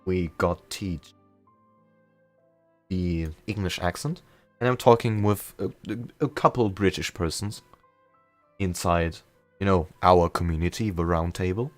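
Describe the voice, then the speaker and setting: Deep-voiced and measured, a young man with a slight German accent takes long pauses as he chats through a live game stream. He tends to ramble a bit and knock himself often, with soft music behind him and no room sound.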